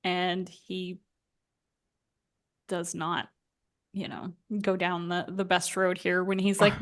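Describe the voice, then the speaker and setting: A woman's voice: lowish voice, level tone, takes it slowly, long pauses, a bit bright. A woman in her thirties co-hosting a podcast, telling a story in a chatty, casual way and laughing along. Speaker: podcast co-host.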